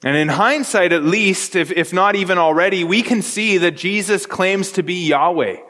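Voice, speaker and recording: A pastor delivers an earnest, conversational sermon at a moderate pace, his high-pitched male voice pushed and bright. He often repeats and restarts his words, and a long church-sanctuary reverb trails each phrase.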